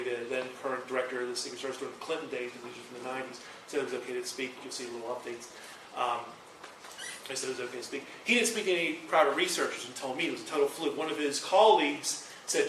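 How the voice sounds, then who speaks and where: A man giving a university presentation, telling a rambling, animated story full of quoted dialogue. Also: medium pitch, quick pace, noisy background. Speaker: lecturer. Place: university lecture hall. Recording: echoey room from far off.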